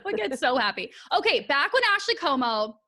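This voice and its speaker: A woman's voice: high voice, very animated, moderate pace, bright, forceful tone. A young woman hosting a podcast, chatting with a guest in an upbeat, gushing way and laughing often. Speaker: podcast host. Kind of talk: casual interview chat.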